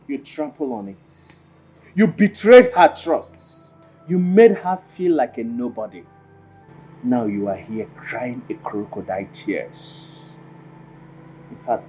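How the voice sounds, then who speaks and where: A scornful Nigerian friend in a film drama. His voice is mellow and swings widely in pitch. The sound is dull, with faint music under it. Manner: laughing scorn turning to stern lecture. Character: blunt male friend, mocking then scolding. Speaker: Paul's friend.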